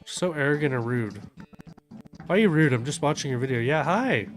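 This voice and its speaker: A man's voice: medium pitch, animated, fairly quick, faint music behind. Blunt, ranting man. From Canada. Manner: blunt, profane, sneering, laughs often. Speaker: streamer reacting to videos. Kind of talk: casual rant commentary.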